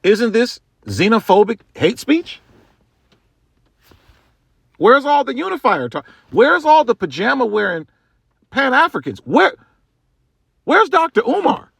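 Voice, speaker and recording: Animated man ranting as a show host. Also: very high-pitched, measured pace, gravelly, long pauses, breathy edge, no echo. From United States. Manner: blunt, slangy, ranting. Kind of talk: opinion commentary monologue.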